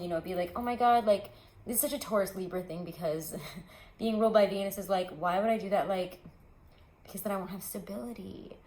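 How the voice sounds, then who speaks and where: A woman's voice: medium pitch, echoey room. A woman giving a casual tarot reading, talking in a rambling, chatty way with lots of asides. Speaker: tarot reader.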